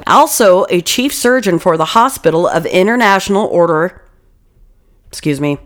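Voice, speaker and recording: Animated, profane podcast woman. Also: fairly low pitch, normal speed. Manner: profane, animated, laughing, stumbles over her own notes. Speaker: podcast co-host. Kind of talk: casual comedic podcast chat, reading notes. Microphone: desk podcast mic.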